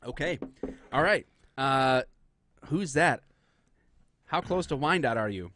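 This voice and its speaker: A man's voice: mid-range voice, lively intonation, slow, a bit bright, no echo, clean studio sound. A middle-aged man co-hosting a live-streamed podcast, chatting casually and joking around with playful voice shifts. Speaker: podcast co-host.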